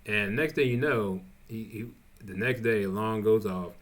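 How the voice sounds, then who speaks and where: A man casually recapping episodes of a show, rambling and halting, with frequent restarts. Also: on the low side. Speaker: TV show reviewer.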